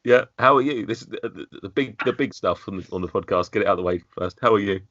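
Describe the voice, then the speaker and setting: British man, podcast host, low voice, dry muffled sound, jokey. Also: fast talker, fairly bright tone, no room sound. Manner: jokey, stammers and repeats words. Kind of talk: casual podcast banter. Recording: dull dry lo-fi audio.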